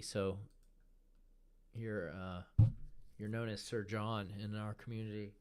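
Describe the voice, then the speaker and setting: A man with a fairly low voice hosts a live stream and talks through trading charts at an easy, relaxed pace. He points out moves on the screen and repeats words like a running count as he explains. He sounds like he is sitting at his desk mic. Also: slow pace, long pauses, clean tone.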